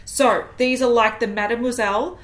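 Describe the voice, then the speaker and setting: A frank, chatty woman talks through makeup releases in a casual co-hosted chat. Her voice sits a little high. The room leaves a noticeable echo around her. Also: steady tone, moderate pace, fairly bright tone. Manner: chatty, frank, lots of ums. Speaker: beauty co-host. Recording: roomy echo.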